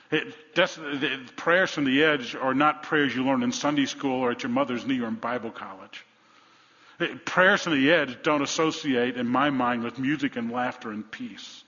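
A man's voice: medium pitch, sharp tone. Earnest male pastor preaching in an echoey hall. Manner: earnest, repeats words and asks the congregation rhetorical questions. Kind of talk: sermon. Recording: echoey hall, dull lo-fi sound.

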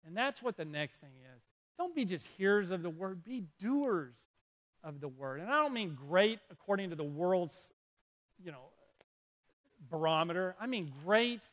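Man, high voice, animated youth sermon. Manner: animated, storytelling, urges listeners directly. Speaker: youth pastor. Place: indoor room with an audience.

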